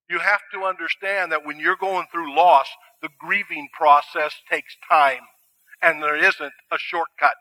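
Bright-voiced man preaching. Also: a little high, fairly even intonation, moderate pace, rough recording. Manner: earnest, conversational, with dry asides. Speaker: pastor. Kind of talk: sermon.

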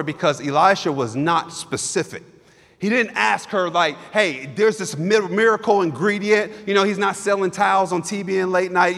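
A man's voice: high-pitched, a bit bright. A man preaching a sermon as a pastor, fervent and emphatic, repeating his key lines for effect. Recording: long hall reverb.

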